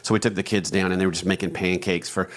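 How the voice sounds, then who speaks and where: A man with a very deep voice talks through a casual podcast conversation. He rambles, restarts, and now and then acts out what he tells himself. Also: flat delivery, fast. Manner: rambling, restarts often, acts out his inner voice. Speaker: podcast co-host.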